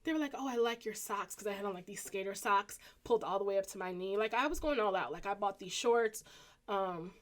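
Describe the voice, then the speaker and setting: A woman in her thirties with a Southern US accent, telling a personal story casually to her viewers and acting out the people in it. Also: brisk. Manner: animated, acts out quoted voices with pitch jumps. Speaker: vlogger.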